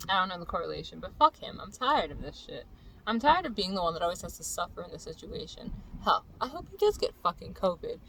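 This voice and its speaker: A woman's voice: lowish voice, fairly bright tone, a little hiss or hum, poor audio. A young woman vlogger ranting angrily and profanely about someone, in a heated, personal way. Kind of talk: angry personal vlog rant.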